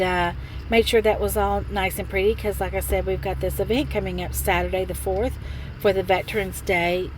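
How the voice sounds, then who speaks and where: A woman's voice: medium pitch, a little hiss or hum, low-quality recording. A middle-aged woman, chatting in a rambling, casual way with lots of fillers while she sits in a parked truck. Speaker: vlogger. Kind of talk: casual vlog narration.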